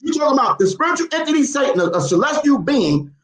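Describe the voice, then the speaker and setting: A man's voice: extremely high pitch, sing-song, quick pace, a bit bright, reverberant, rough recording. A man in a heated religious debate, quoting scripture and repeating his points insistently.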